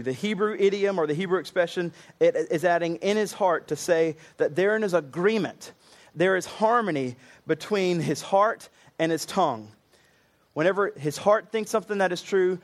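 Earnest conversational male preacher. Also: fairly high pitch. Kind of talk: sermon.

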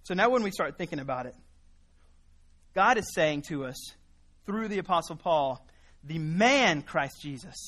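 A man's voice: on the high side, animated, normal speed, pauses often, fairly bright tone. A man preaching a sermon, explaining scripture earnestly and building emphasis by repeating key words.

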